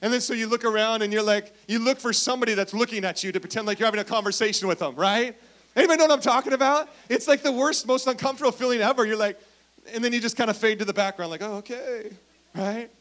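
A man with a notably high voice delivers a sermon as a pastor. He tells stories with humor and keeps calling on the congregation to answer him. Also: racing, a bit bright. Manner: playful, asks the crowd for responses.

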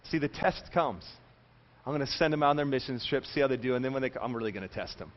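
A man preaching a sermon as pastor, animated, telling stories and acting out quoted voices. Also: medium pitch, fast, dull audio.

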